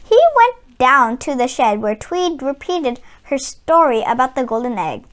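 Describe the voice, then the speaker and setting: A woman reading a picture book aloud for children, taking her time over each line. Her voice is high, bright and animated. She narrates with gentle, expressive storybook pacing. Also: unhurried. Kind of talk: read-aloud storytelling for kids.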